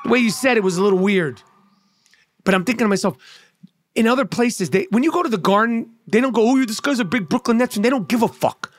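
A man's voice: high-pitched, animated, fast. A male comedian delivering a heated, profane sports rant, blunt and sarcastic, stumbling over repeated words.

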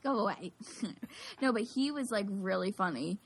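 A woman's voice: mid-range voice, lively intonation, normal speed, creaky. A woman telling a story in casual chat, rambling and peppering her talk with "like". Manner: rambling, heavy use of "like", chatty.

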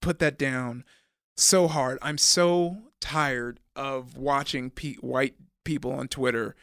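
Bright-voiced young man in animated chat. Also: medium pitch, slow, no echo, studio quality. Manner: animated, stumbling restarts, laughing often. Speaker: podcast co-host. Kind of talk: casual gaming chat.

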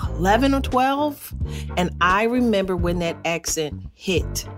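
A woman from Philadelphia in casual chat, telling stories with lively quoted voices. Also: medium pitch, unhurried, over music. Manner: animated storyteller, acts out quoted voices.

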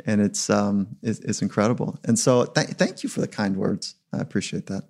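A man's voice: fairly low pitch, normal speed, gravelly, a little mellow. A man being interviewed as a performance psychologist, talking in a reflective, emphatic way. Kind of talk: podcast interview.

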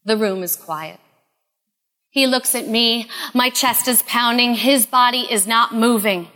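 A woman in her thirties telling a personal story in an earnest, confessional way, often dropping to a hush. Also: fairly high pitch, a little slow, big-room sound. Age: 30s.

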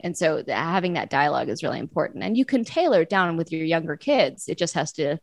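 Gravelly-voiced woman giving parenting advice. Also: deep voice, very animated, fast talker, no room sound. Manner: earnest, lots of fillers and restarts. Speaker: parenting guest. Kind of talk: casual conversational advice.

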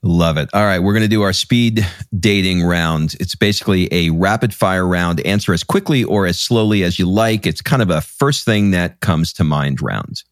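A man's voice: deep voice, normal speed, few pauses, no echo, studio quality. A man hosting a podcast, asking questions in a playful, upbeat, jokey way. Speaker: podcast host. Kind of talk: casual interview chat.

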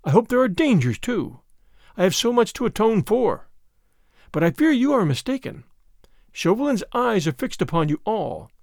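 A man's voice: high-pitched, big pitch swings, moderate pace, a little mellow, no room sound, clean studio sound, pitched above the performer's own voice. A man voicing a desperate noble lady who pleads earnestly for help. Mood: urgent. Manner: pleading, urgent.

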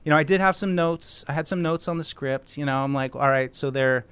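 A man's voice: on the high side, quick pace, a bit bright, clean tone, no echo. A man co-hosting a sports radio show, telling stories in a rambling way that is full of restarts. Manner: rambling, self-interrupting storyteller. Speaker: co-host. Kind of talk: casual sports radio chat.

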